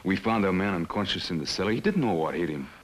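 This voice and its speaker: A man's voice: low-pitched, expressive, fast talker. An actor playing a cowed middle-aged henchman in 1950s TV drama style, hesitant and pleading. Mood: nervous.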